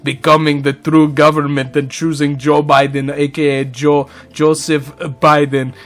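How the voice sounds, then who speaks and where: A man's voice: on the high side, little pitch movement, measured pace, close to an everyday voice. A man voicing a grumpy male wraith who rambles through a breathless tirade. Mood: ranting. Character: grumpy male wraith, ranting about society.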